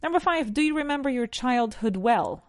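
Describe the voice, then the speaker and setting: A woman's voice: high voice, animated, moderate pace, no echo, clean studio sound. A woman with a Spanish accent teaching English on a podcast, asking numbered questions and answering them in full sentences.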